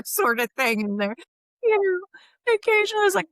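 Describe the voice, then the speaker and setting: A woman's voice: very high voice, sing-song, fairly quick, a bit bright, no echo, studio quality. A woman in her fifties, a guest in a casual interview, chatting about her HR consulting work and acting out quoted dialogue with laughs. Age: 50s.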